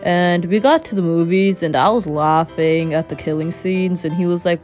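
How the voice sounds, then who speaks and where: A woman's voice: fairly low pitch, moderate pace, hardly any pauses, a little mellow, soft background music. A young woman telling a story in a casual vlog, sarcastic and full of swearing. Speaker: vlogger.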